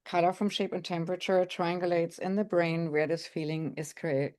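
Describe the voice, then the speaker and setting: A middle-aged woman, a psychic consultant, calmly explaining spiritual exercises step by step. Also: lowish voice, normal speed. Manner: calm, instructive, explains step by step. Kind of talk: guided spiritual instruction.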